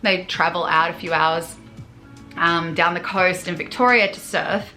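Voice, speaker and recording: A young Australian woman ranting to camera in a vlog, animated and exasperated, with sarcastic asides. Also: lowish voice, unhurried, soft background music. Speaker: vlogger.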